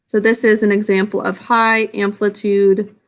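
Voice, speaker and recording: A woman's voice: medium pitch, little pitch movement, normal speed. A woman science teacher giving a recorded lesson, patiently explaining step by step with small fillers.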